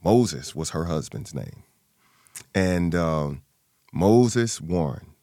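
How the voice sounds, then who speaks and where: A man's voice: extremely slow, no echo, clean studio sound. A man telling a personal family story in an interview, acting out the people he quotes. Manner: animated, acts out quoted voices with big pitch jumps. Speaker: guest.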